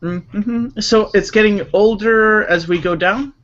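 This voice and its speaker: A man's voice: high voice, slow, a bit bright. A man hosting a casual live stream, reading viewer questions aloud and giving easygoing art advice. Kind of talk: casual live-stream chat about drawing. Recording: lo-fi voice-chat audio.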